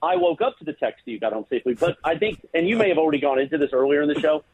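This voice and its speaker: A man on a thin, tinny phone line talks up his co-hosts in a lively, teasing way, full of mock-grand praise. His voice is high, husky and bounces all over the place. It sounds close and dry. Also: very fast, no room sound. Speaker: radio show regular calling in. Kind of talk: casual sports radio banter.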